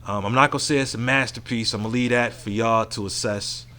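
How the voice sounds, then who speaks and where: A man's voice: mid-range voice, fairly even intonation, quick pace, pushed and bright. A man hosting his own podcast alone, talking in a frank, profane and reflective way into a mic at home. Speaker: podcast host. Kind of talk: casual solo podcast monologue.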